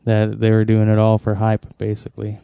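A man's voice: on the low side, monotone, fairly quick, gravelly, dark tone, smooth, no room sound. A young man chatting casually about TV on a podcast, laid-back, laughing often, swearing. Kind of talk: casual chat.

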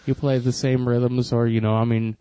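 A man co-hosting a podcast, telling stories in halting casual chat full of uh and you know. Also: medium pitch, flat delivery, dark tone, clean tone, dry recording. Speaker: podcast co-host.

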